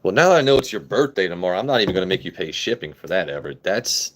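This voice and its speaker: A man's voice: deep voice, very animated, very fast. A man in his late thirties from Maryland, casually chatting and joking with viewers on a phone live stream, loose and profane. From Maryland, USA. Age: 30s.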